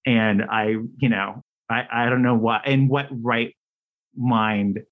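A man's voice: slow pace, narrow, tinny audio. A man, a playwright and screenwriter, telling stories casually as an interview guest, talking freely with many restarts. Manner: animated storyteller, acts out quoted dialogue with big pitch jumps; talkative, many fillers and restarts.

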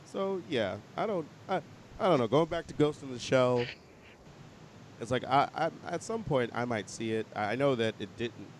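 A man in casual conversation as the host of a podcast, easygoing and reactive. His voice sits at an ordinary middle pitch. A faint rumble of traffic hangs behind the recording. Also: animated, normal speed, rough recording. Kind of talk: casual chat.

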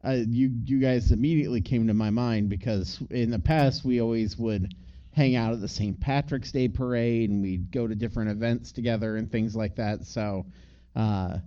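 A man co-hosting a podcast tells stories in a loose, rambling way, backing up and restarting often. His voice is mellow and warm. The recording sounds dull and lo-fi. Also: mid-range voice, normal speed. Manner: chatty and rambling, with laughs and restarts. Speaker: podcast co-host. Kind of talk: casual podcast chat.

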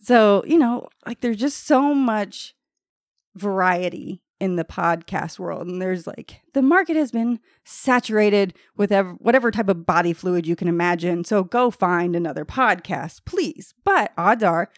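A woman's voice: mid-range voice, animated, unhurried, no echo, studio quality. Chatty American woman co-hosting a podcast. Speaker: podcast co-host. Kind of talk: casual chat.

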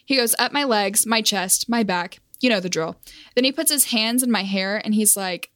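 A woman's voice: mid-range voice, normal speed, a bit bright, no echo, studio quality. A young woman telling a casual storytime monologue as a vlogger, self-deprecating and awkward, laughing at herself.

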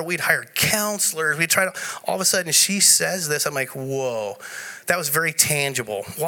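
Man, conference speaker, bright and lively, slightly high voice, storytelling with laughs. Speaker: conference speaker sharing testimony. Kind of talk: live conference talk. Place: conference room before an audience.

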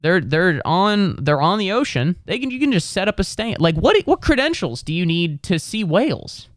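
A man's voice: high-pitched, very animated, normal speed, dry recording. Exasperated man riffing stand-up, profane, dry mic. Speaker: comedian. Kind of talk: stand-up comedy monologue.

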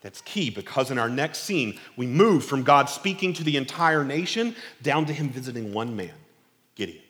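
A male preacher giving an expository sermon in an animated, conversational, emphatic way. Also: mid-range voice, moderate pace, in a large hall.

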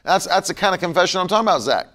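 A man's voice: high-pitched, animated, rapid-fire, a bit bright. A middle-aged man preaching a broadcast sermon and leading a prayer, emphatic and fervent, now and then mocking his critics.

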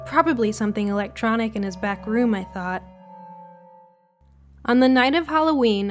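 Brief: woman storyteller, high-ish voice, calm reading over faint music. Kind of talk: scripted story narration.

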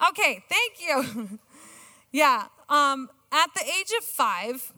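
A middle-aged woman giving a sermon with a personal story, excitable and self-mocking, laughing often. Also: high voice, takes it slowly. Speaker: church speaker. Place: church auditorium. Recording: long church hall reverb.

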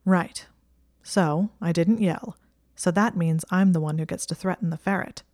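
A woman's voice: lowish voice, measured pace, no room sound, clean studio sound. A woman voicing a lanky young male wizard who sounds detached and wry. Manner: flat, wry.

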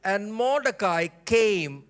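A man's high, animated voice moves at a slow pace as he preaches from the pulpit of a church sanctuary. Acting as pastor, he draws the congregation into call-and-response and repeats himself for emphasis.

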